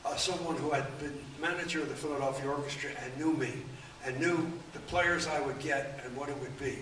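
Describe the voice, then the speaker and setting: A man in his eighties telling rambling anecdotes at a book event, halting often with fillers. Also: on the high side, steady tone, a bit bright. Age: 80s. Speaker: author and guest. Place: event room. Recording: echoey room, distant mic, faint room noise.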